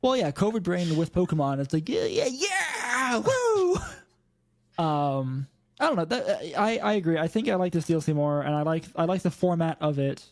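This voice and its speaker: A man's voice: on the high side, fairly quick. Casual co-host chat, young man with a lightish voice, rambles and does goofy voices. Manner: rambling, animated, slips into mock voices. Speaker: podcast co-host. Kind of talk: casual chat about video games.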